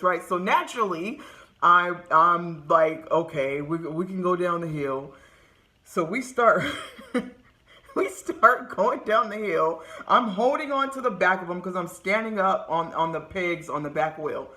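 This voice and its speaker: A woman's voice: fairly low pitch, measured pace. A woman from California telling funny childhood stories straight to the camera, laughing often and acting out what people said. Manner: laughs often, lively retelling with acted quotes. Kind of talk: casual storytelling to camera. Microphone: camera close-up.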